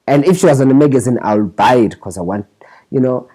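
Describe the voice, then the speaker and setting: A man's voice: mid-range voice, brisk, husky, low-quality recording. A South African scriptwriter being interviewed, telling his stories with animation and often restarting his phrases. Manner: animated, restarts phrases, mimics others' voices in quotes. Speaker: scriptwriter guest. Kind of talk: candid interview storytelling.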